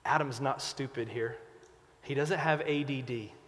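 A pastor preaching a sermon with emphatic delivery, swinging between loud urgent lines and quiet hushed ones. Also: male voice, mid-range voice, unhurried, big-room sound.

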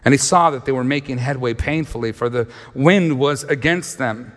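A pastor with a medium-pitched voice preaches a sermon at normal speed, with a big-room sound. He reads scripture and retells it as lively storytelling, acting out the characters' voices.

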